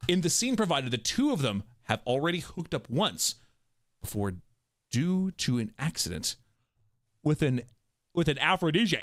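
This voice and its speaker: A man's voice: a little high, big pitch swings, a bit bright, no room sound, clean studio sound. Laughing, jokey male streamer. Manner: jokey, quick to laugh, reacting aloud. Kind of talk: casual stream commentary and reading aloud.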